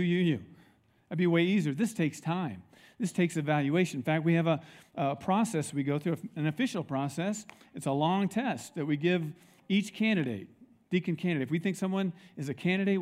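A middle-aged male pastor preaching a sermon in a church, telling stories with lively acted-out quotes. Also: on the high side. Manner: animated storytelling, acts out quoted people.

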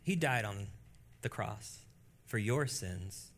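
A male pastor preaching a sermon to his congregation, moving between quiet, low passages and loud, high bursts. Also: takes it slowly. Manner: animated preaching that swings from hushed to loud and high. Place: church.

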